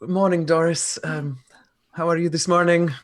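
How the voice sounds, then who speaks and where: A man's voice: fairly high pitch, flat delivery, moderate pace, voice pushed up, lightly acted. Man playing a polite, slightly flustered young med student. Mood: courteous.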